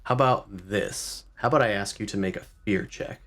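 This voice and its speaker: Low-voiced man running a tabletop game. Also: brisk, fairly bright tone. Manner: describes scenes and makes rules calls in a loose, offhand way. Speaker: game master.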